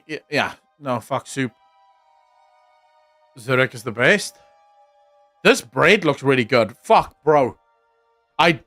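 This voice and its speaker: A man's voice: a little high, a bit bright, dry recording. A young man chatting casually on his stream, rambling and swearing freely. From South Africa. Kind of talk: casual chat reacting on stream.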